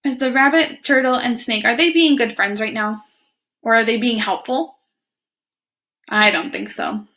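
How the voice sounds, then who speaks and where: A woman teacher reading a picture book aloud to children, pausing to ask them questions. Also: on the high side, sharp tone. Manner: clear, questioning the young listeners.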